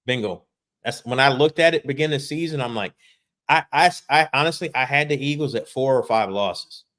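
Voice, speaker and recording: Fairly quick and fairly bright, a medium-pitched man co-hosts a casual sports podcast from a remote video call. Frustrated and emphatic, he keeps repeating words.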